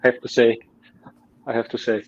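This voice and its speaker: A man's voice: medium pitch, flat delivery, fairly quick. Stammering man on dull call audio. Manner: stammering, giggly. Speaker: host of fan channel. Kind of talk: casual live-stream chat, match commentary.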